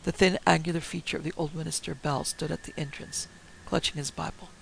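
A man narrating a story in a steady, theatrical manner. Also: a little high, a little fast, creaky, low-quality recording. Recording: faint hiss.

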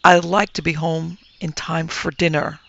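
A man voicing a brisk, tricky young woman who talks in an impatient, airy way. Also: on the high side, flat delivery, creaky, pushed and bright, no room sound, muffled recording, exaggerated voice.

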